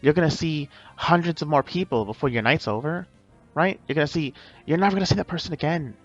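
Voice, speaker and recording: A man's voice: a little high, fast talker, dull audio, soft background music. Rambling man giving casual advice. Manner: rambling, repetitive, talks straight to viewer. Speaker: vlogger. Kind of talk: unscripted advice monologue.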